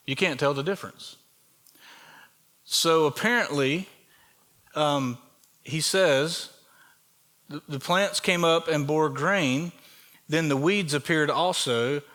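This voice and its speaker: A man's voice: fairly high pitch, a bit bright. A man with a Southern US accent preaching a sermon as pastor of a church, in a conversational way, asking the congregation questions as he goes. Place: church sanctuary.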